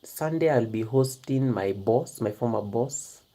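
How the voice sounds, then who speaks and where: Hushed giggly streamer, mellow tone, talking to chat. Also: mid-range voice, measured pace. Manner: hushed half-whisper, giggly, chatty; talks straight to viewers in the chat. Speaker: live-streaming YouTuber. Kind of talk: casual live-stream chat.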